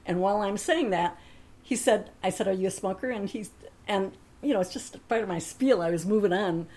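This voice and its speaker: A woman's voice: mid-range voice, brisk, a little mellow. A woman telling a personal anecdote in a chatty way, laughing often and acting out the other people in her story.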